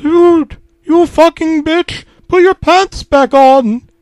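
A man voicing a nasty, bossy cartoon owl who yells insults in a shrill shriek. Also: takes it slowly, dry recording.

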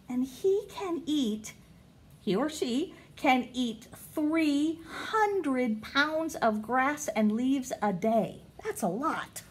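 A middle-aged woman teacher, reading picture books aloud to young children in a slow, sing-song way. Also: breathy edge. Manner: slow, sing-song, with big pitch swings on questions.

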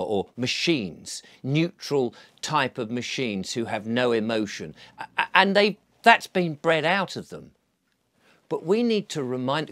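A man talks straight to camera in a loose, rambling monologue, earnest and coaxing. His pitch swings widely from line to line. He often restarts mid-phrase as he goes. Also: a bit bright, no echo. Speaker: video blogger.

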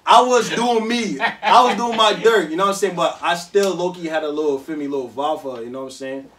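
A young man with a Jamaican and New York accent, hosting a casual group chat, animated and slangy, laughing with his friends. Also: a little high, brisk, recorded from a distance, slight background noise. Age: young adult. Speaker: host.

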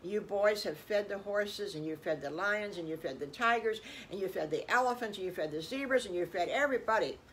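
A woman's voice: mid-range voice, fairly quick, hardly any pauses, slight background noise, lightly acted, poor audio. An older woman voicing a kindly male circus boss who gushes with praise for the children. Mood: generous. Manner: warm, gushing praise.

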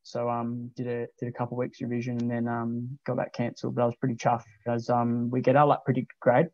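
A relaxed Australian man in his late teens talks casually as a podcast guest, hesitating and restarting often. His voice stays mostly level, with little rise or fall. The recording is dry and a little dull, like a lo-fi capture. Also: mid-range voice, fast talker, dry recording. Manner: laid-back, many ums and restarts. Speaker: guest, junior footballer. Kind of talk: casual interview chat.

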